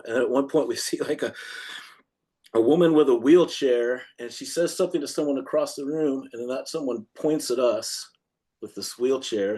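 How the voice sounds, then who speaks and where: A man's voice: mid-range voice, dark tone. Male punk musician guest, loose rambling storyteller who acts out quotes. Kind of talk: casual storytelling interview.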